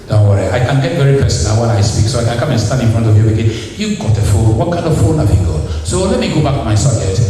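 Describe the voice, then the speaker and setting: In a church hall, a visiting preacher with a mellow, medium-pitched voice delivers a sermon, teasing the congregation and asking them questions. The recording is distant and echoey, with slight background noise.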